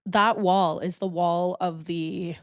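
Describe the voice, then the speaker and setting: A woman's voice: on the low side, fairly even intonation, takes it slowly, no echo, clean studio sound. A young woman co-hosting a casual comedy podcast, playful and jokey, sometimes trailing off mid-thought. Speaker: podcast co-host.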